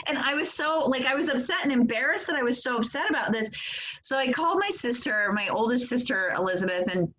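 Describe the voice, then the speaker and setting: A woman's voice: sits high, animated, fairly quick, fairly bright tone, low-quality recording. A woman chatting casually in a book club, telling a personal story in a rambling way and laughing often. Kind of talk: casual chat.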